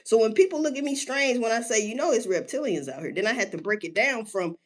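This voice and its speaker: A woman delivering a casual solo rant, loose and profane, full of street slang. Her fairly high voice leaps around wildly and keeps tossing questions straight at the audience. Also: lively intonation. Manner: drawn-out emphasis on words, sudden pitch jumps. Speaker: solo commentator.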